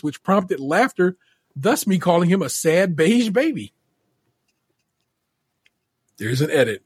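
A podcast co-host reading out a listener's story in a steady voice, adding wry asides. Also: male voice, a little high, slightly rough, no room sound, clean studio sound. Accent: Californian. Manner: steady read-aloud delivery with wry asides. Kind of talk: reading a listener story aloud, casual chat.

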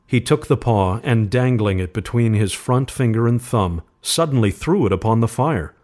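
A man narrating a spooky storybook tale, steady and measured. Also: mid-range voice. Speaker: podcast host. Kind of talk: storybook reading.

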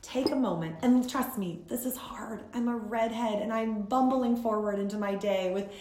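A woman's voice: on the high side, normal speed, slight background noise. Woman podcast guest, 30s, earnest and chatty storyteller, recorded in an echoey room. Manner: earnest, rambling, animated storyteller. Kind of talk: faith-based podcast conversation.

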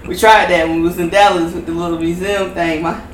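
A woman's voice: fairly low pitch, flat delivery, quick pace. A woman co-hosting a casual podcast, telling stories with jokes and cursing. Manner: joking, profane, storytelling. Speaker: podcast co-host. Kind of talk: casual chat. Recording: roomy, distant mic with background noise.

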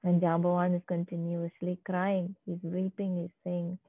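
A woman telling a devotional story in a slow, emphatic way, repeating key phrases. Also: lowish voice, monotone, no echo. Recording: tinny phone-like, dry sound.

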